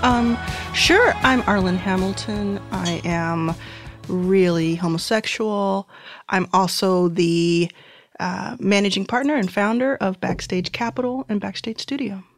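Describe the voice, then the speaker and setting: Relaxed thirty-something woman guest. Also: medium pitch, unhurried, faint music behind. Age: 30s. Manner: relaxed, reflective, with fillers. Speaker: guest, venture capitalist. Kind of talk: interview conversation.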